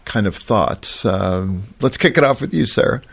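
A man's voice: fairly low pitch, animated, moderate pace, creaky, husky. A man hosting a faith talk show, asking probing questions with many fillers. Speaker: host.

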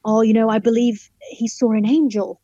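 Her voice sits fairly high, with warm tone, fairly even intonation and a normal speed. She is a Fijian woman and human rights lawyer giving her faith testimony as an interview guest, telling it earnestly and vividly while acting out dialogue. No echo is present, and the top end is cut off.

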